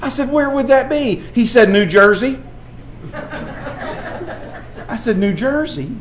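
Animated man preaching a sermon. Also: extremely high pitch, normal speed, echoey room, a little hiss or hum. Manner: storytelling, animated, acts out quoted voices.

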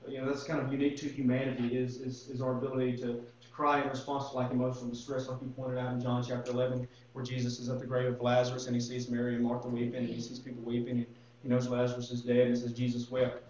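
A man's voice: mid-range voice, monotone, fast, darkish tone, echoey room, lo-fi sound, a little hiss or hum. A man teaching a Bible class in earnest, posing rhetorical questions and restarting his phrases.

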